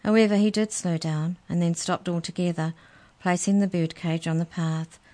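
A woman reading a children's story aloud in a clear, gentle storytelling manner. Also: on the low side, steady tone, normal speed.

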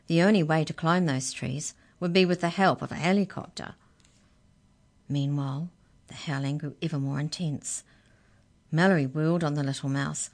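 A woman reading a children's storybook aloud in a measured, unhurried way. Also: low voice, darkish tone.

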